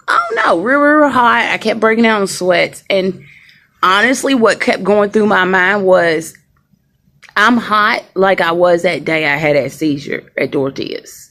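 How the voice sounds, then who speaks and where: A woman's voice: fairly low pitch, fairly bright tone. A woman ranting emphatically on a casual live stream from a hospital room, talking straight to her viewers and repeating herself. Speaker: livestreamer.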